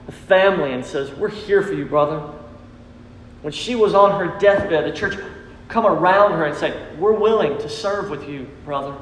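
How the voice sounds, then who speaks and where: A pastor preaches to his congregation in a church sanctuary, earnest and repetitive, calling on listeners to respond. His voice sits high, with slight background noise and roomy hall reverb.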